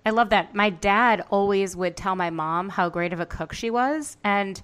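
A young woman co-hosting a podcast, telling stories in a lively, laughing way. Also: medium pitch, normal speed, clear, resonant tone. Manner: lively storyteller, laughs often. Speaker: podcast co-host. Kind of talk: casual chat.

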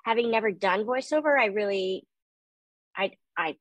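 A middle-aged woman who does voice acting talks in a casual interview. Her voice is high, youthful and nasal, and she tells lively, self-deprecating stories full of quick asides. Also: dry recording, low-quality recording. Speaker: voice actor guest.

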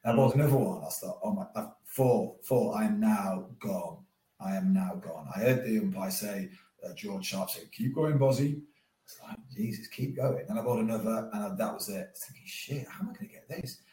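A man, a former cricketer as podcast guest, telling a story in a lively way and acting out his own thoughts. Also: lowish voice, moderate pace, recorded from a distance. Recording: roomy sound, a bit off mic.

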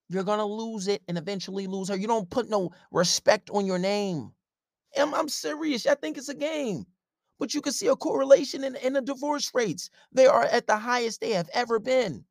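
In a high, creaky voice that moves fairly quickly, a man rants confrontationally, giving blunt and profane relationship advice. The recording is studio quality with no room sound.

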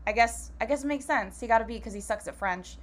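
A woman's voice: fairly high pitch, fast. A young woman co-hosting a podcast, ranting sarcastically and mixing in French. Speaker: podcast co-host. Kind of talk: casual chat.

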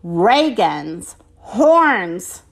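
A woman's voice: mid-range voice, big pitch swings, extremely slow, gravelly, heavily acted. A woman reading aloud and voicing a small, timid male alien crewman who stammers. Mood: nervous.

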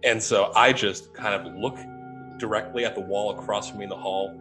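A man's voice: on the low side, a little fast, music in the background. A young adult man telling a ghost story casually, acting out the dialogue with laughs. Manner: animated, acts out quoted dialogue with laughs. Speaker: paranormal investigator telling his story.

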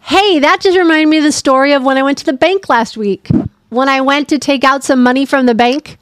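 High-voiced middle-aged woman telling a story. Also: fairly quick, no echo. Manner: animated storyteller, indignant. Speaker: podcast co-host, mother. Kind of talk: casual chat. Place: home studio.

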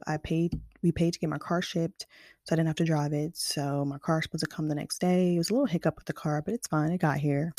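A woman's voice: low-pitched, warm tone, dry recording, clean studio sound. A young woman from Kansas City chatting frankly to her viewers, full of fillers. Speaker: vlogger. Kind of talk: casual storytelling to camera.

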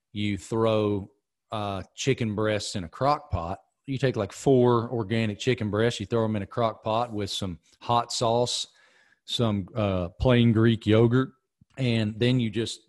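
Host role: middle-aged man, lowish voice, chatty, emphatic storyteller. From American South. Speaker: podcast host. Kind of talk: casual chat.

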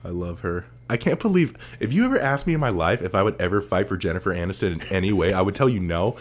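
A man's voice: sits low, expressive, fast talker, noisy background. A young man co-hosting a podcast, ranting in mock anger, swearing and laughing. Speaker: podcast co-host. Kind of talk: casual podcast banter.

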